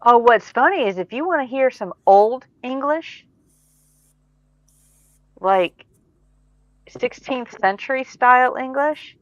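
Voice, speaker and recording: A woman sharing an anecdote in a relaxed conversational way. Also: sits high, slow pace, long pauses, dry recording. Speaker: podcast co-host. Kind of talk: casual chat. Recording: dull lo-fi audio.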